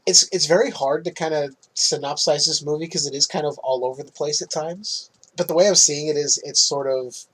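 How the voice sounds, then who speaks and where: A man's voice: on the high side, steady tone, brisk, hardly any pauses, fairly bright tone, husky, low-quality recording. A man hosting a podcast, chatting casually through a movie recap, swearing freely and laughing often. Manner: swears freely, laughs at his own jokes. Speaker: podcast host.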